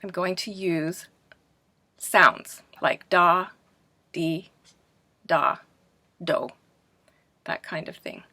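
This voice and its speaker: A woman's voice: fairly low pitch, sharp tone. A woman teaching a pronunciation lesson in a staged classroom, asking questions and answering them herself as if students replied. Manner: clear, deliberate teacher delivery.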